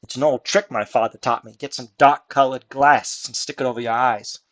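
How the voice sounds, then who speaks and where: A drunk male veteran spinning a folksy, rambling tall tale at a bar, as a game master puts him on. He drawls through his memories in a medium-pitched voice. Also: steady tone, normal speed, lightly acted. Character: drunk male human veteran telling war stories.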